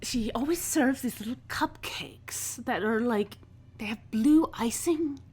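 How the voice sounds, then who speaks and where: A woman's voice: on the high side, measured pace, a little mellow, breathy edge, voice pushed up. A woman voicing a brash, eccentric female boss with a grand, theatrical manner in a tabletop game. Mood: gushing.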